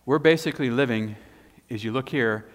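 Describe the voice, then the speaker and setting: A man preaching a sermon and reading scripture aloud, animated and emphatic, pointing to a handout. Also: medium pitch, a little fast. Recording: long hall reverb.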